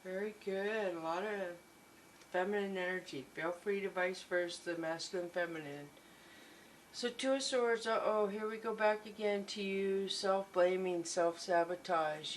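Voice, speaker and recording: A woman's voice: lowish voice, slight background noise, poor audio. A woman giving a tarot reading, gushing and reassuring, often repeating her encouragements. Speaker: tarot reader.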